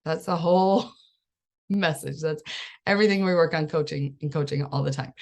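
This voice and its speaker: A woman life coach in her thirties talks casually with parents, laughing between thoughts and jumping into bits of quoted dialogue. Her voice sits a bit low and carries a gravelly edge. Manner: chatty, laughs often, acts out quoted voices.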